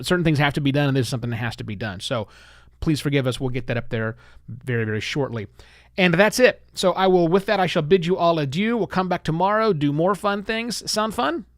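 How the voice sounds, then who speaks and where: A man hosting a live-streamed solo podcast, lively and chatty, with self-deprecating asides. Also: medium pitch, no room sound, clean studio sound. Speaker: podcast host.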